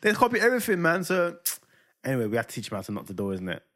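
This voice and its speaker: Rapid-fire delivery in a mid-range voice marks this male podcast co-host, who tells stories in an easygoing chat, acting out voices and noises and laughing frequently.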